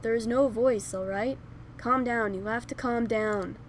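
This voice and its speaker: A woman voicing an anxious young man who keeps urgently begging someone to calm down, with game music behind. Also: a little high, unhurried, slight background noise, close to an everyday voice. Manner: urgent repeated calming pleas. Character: young man, anxious, pleading, then frantic.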